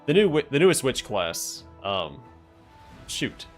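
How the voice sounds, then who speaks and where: A man's voice: mid-range voice, sing-song, measured pace, faint music behind. A man streaming a role-playing game, thinking aloud in casual commentary as he plays. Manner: musing, thinking aloud with fillers.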